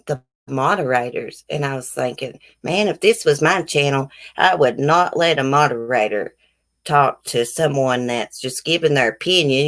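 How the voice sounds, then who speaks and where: Hosting a casual YouTube live stream, a deep-voiced woman with a Southern accent from the American South reads through her viewers' comments. She talks with them openly and bluntly.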